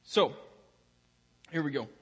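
A young man preaching a sermon in a church, talking conversationally and often repeating words as he finds his place. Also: slow pace. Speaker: pastor. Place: church sanctuary. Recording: long reverb of a large hall.

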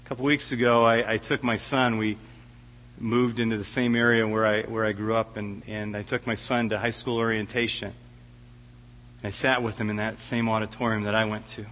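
A man's voice: on the low side, flat delivery, moderate pace, a bit bright, in a large hall. A middle-aged man preaching a heartfelt sermon as a guest preacher, often stammering and restarting his words. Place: church sanctuary.

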